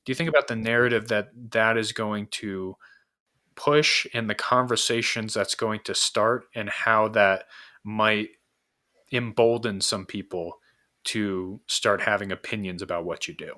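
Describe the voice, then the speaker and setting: Forceful New York man asking questions. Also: lowish voice, steady tone, unhurried. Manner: probing, asks long questions. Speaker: podcast host. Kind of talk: casual podcast conversation.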